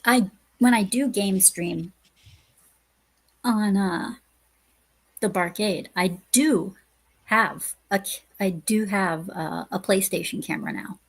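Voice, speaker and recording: A woman who is a guest on a casual podcast chat, speaking haltingly with many hesitations and restarts. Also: medium pitch, vocal fry, slightly rough. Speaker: guest streamer.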